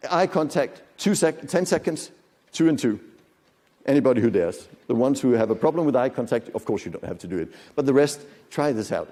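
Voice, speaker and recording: Lively male lecturer in a reverberant hall. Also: medium pitch. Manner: lively, demonstrates voices, asks the audience questions. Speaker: conference speaker. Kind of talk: lecture to an audience. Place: conference hall.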